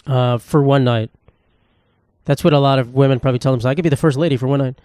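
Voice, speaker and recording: A man's voice: mid-range voice, fairly even intonation, quick pace, mellow, no echo, clean studio sound. A young man hosting a solo comedy podcast, rambling and sarcastic, swearing freely. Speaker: podcast host.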